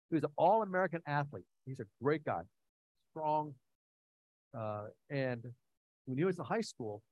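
A man's voice: on the high side, rough recording. A man preaching a sermon, earnest and conversational, telling personal stories with frequent restarts and fillers. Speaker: pastor.

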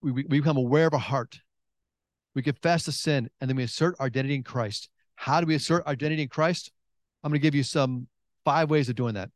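A middle-aged man preaching a sermon, emphatic and repetitive, swinging between excited bursts and hushed intensity. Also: medium pitch, fast talker, dry recording. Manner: repeats phrases and restarts.

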